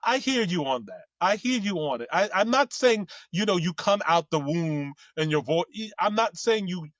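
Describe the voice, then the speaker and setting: High voiced guy chatting, rambly, full of you knows, dry close mic. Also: animated, normal speed, fairly bright tone, no room sound. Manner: rambling, with many fillers and restarts. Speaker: co-host. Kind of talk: casual chat.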